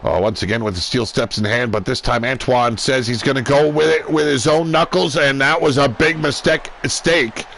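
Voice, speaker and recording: A man's voice: mid-range voice, normal speed, hardly any pauses, a bit bright, a little hiss or hum. A man giving casual, profane play-by-play commentary on a wrestling video game, joking and irreverent. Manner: crude, irreverent, joking banter.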